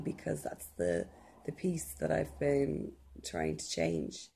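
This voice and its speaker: Gravelly-voiced woman, chatty vlogger. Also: sits low, very animated, mellow, reverberant. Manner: chatty and unhurried, with many ums. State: slightly out of breath from physical work. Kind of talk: casual chat to camera while working. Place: outdoors in a garden.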